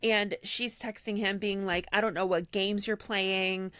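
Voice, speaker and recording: A woman's voice: medium pitch, measured pace, no echo, studio quality. A woman co-hosting a casual podcast, animatedly retelling a story with lots of "like" and quoted dialogue. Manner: animated retelling, heavy use of "like", quoting others in her own voice. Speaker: podcast co-host.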